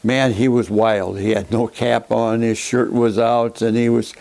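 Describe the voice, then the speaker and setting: An older man, a former catcher, recalling his playing days in an unhurried storytelling way with plenty of fillers. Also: mid-range voice, flat delivery, a little mellow. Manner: gravelly, unhurried, with many uh fillers. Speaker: former baseball catcher interviewee. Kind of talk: storytelling reminiscence.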